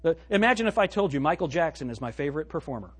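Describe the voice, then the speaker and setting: Husky animated preacher man. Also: fairly high pitch, rapid-fire. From United States. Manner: animated preaching, swinging from loud to hushed; quotes scripture in old-fashioned wording. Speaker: pastor. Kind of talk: sermon.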